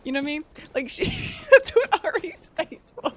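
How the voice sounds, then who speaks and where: A woman's voice: extremely high pitch, sing-song, moderate pace, few pauses, slight background noise. A young woman streaming a game, chatting casually with viewers, laughing often and greeting new followers. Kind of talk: casual gameplay commentary.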